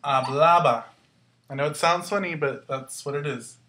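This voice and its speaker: A woman's voice: sits low, brisk, a bit bright. A woman teaching a Spanish grammar lesson, upbeat and going through the verb endings step by step. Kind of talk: classroom-style grammar lesson.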